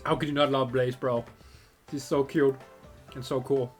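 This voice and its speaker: A man reading game dialogue aloud and reacting in casual, excitable commentary, swearing and laughing often. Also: medium pitch, moderate pace, long pauses, soft background music. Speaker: gameplay commentator.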